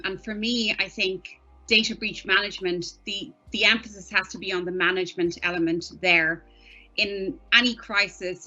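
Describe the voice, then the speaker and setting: Bright-voiced woman, dull lo-fi audio. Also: medium pitch. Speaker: guest, privacy lawyer. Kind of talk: conversational interview answers.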